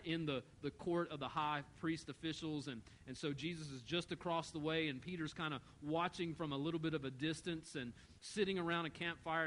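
Storytelling pastor, fairly high voice. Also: male voice, a bit bright, a little hiss or hum, rough recording. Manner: storytelling, acts out quoted voices. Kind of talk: sermon.

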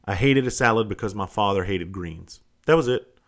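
A man's voice: on the low side, moderate pace. A man in his forties with a Southern US accent, telling a rambling, profane story in a casual monologue. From Southern United States. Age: 40s. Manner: profane, animated, rambling and self-interrupting. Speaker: vlogger.

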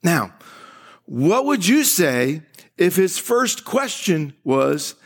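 A man's voice: sits high, big pitch swings, extremely slow. A man preaching a sermon at a church service in a conversational way, often restarting his sentences. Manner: conversational, laughing often, acting out quoted voices; frequent restarts and stammered starts. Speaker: pastor.

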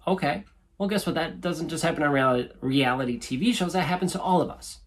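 A man's voice: fairly quick, slight background noise. A man in his thirties talking through relationship advice casually and earnestly, repeating his points and acting out quoted lines. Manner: animated, acts out quoted speech in a higher voice.

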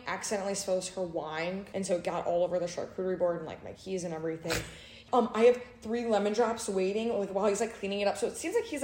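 A young woman chats on a podcast, spinning a long story and jumping into the voices of the people in it. Her pitch sits in the middle for a woman, and the room around her rings with a noticeable echo. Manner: lively storytelling, acting out quotes. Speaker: podcast co-host. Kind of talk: casual chat. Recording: roomy echo.

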